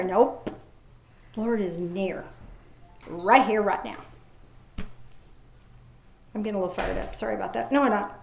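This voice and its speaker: A woman preaching a sermon in a lively, folksy way, reading scripture aloud slowly and commenting with casual asides. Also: medium pitch, gravelly. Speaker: pastor. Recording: echoey room.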